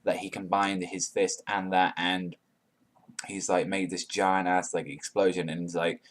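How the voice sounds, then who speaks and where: A man reviewing a manga chapter in an excited, casual way, swearing often and filling his talk with "like". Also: low-pitched, a little slow. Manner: profane, hyped, heavy use of "like".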